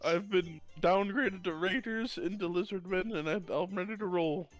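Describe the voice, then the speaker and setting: A man playing a tabletop game jokes around in casual chat. His voice sits high, with faint music in the background. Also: normal speed. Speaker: player.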